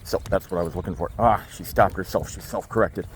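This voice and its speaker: A man working as a dog trainer, explaining his methods while out in a forest and often slipping into high baby talk with the dog. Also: fast, a little hiss or hum. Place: outdoors in a state forest.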